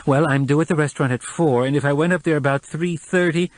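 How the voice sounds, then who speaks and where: A man's voice: fairly high pitch, fast, dry recording, voice pushed up, natural voice. A man doing a reedy, timid, polite woman. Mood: polite, eager. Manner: eager, overly polite.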